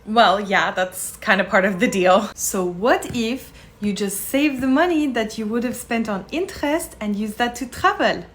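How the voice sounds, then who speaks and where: A woman's voice: mid-range voice, steady tone, unhurried, few pauses, a bit bright, natural voice. A woman playing an eager young American tourist who is obsessed with credit card points, in a chatty, upbeat, slightly whiny way for a comedy sketch. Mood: eager, defensive.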